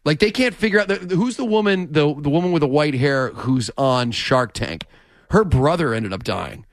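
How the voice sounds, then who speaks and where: A man hosting a casual talk show, chatting about sports and news in an excitable way, often laughing and cutting in. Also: a little high, normal speed, no room sound, studio quality.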